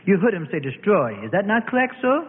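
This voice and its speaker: A man's voice: high voice, big pitch swings, a little fast, slight background noise, pitched above the performer's own voice. A man reading aloud, voicing an insistent, scheming male prosecutor. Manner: leading, insistent. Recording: tinny, reverberant phone-like audio.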